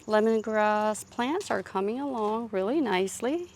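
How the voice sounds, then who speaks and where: A woman's voice: mid-range voice, animated, measured pace, a little mellow, slight background noise. A woman giving a casual, chatty tour of her outdoor garden, thinking aloud as she films on a phone. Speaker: gardening vlogger.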